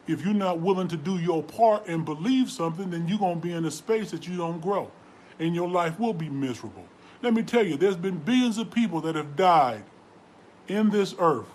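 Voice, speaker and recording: A man preaching motivation, quoting scripture and urging listeners to change their lives. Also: sits high. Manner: exhorting, quotes scripture, rising emphasis.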